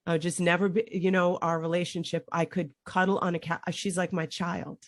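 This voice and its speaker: A middle-aged woman hosting a podcast, recorded dry and close with no room sound. She tells a raw personal story, trailing off and restarting, and her voice jumps high whenever she relives the panic. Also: level tone, a little fast, dry recording. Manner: rambling, breaks off mid-sentence, voice rises sharply when reliving panic. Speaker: podcast host. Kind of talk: emotional conversational storytelling.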